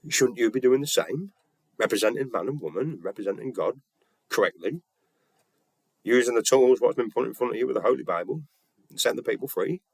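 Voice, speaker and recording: Man, casual storytelling, earnest, gravelly, dry. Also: mid-range voice, animated, fairly quick, long pauses, dry recording. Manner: retells conversations with "I went, he went", blunt and earnest. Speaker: vlogger.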